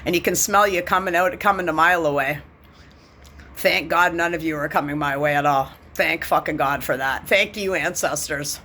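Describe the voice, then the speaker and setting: A woman's voice: low voice, moderate pace, sharp tone. A woman from Canada delivering a bitter, profane rant to camera. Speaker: vlogger. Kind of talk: angry monologue to camera.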